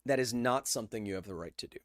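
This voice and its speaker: A man in his thirties hosting a casual podcast live stream, reading viewer questions and answering with animated, opinionated emphasis. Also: very fast, no room sound. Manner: animated and opinionated, with emphatic swings in pitch and volume.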